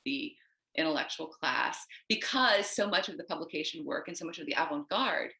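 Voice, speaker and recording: A woman poet from the United States, a guest on a video call, talking in a discursive, animated way and wandering onto tangents. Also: low-pitched, a little fast, roomy sound. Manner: animated, acts out quoted voices. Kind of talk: casual conversation.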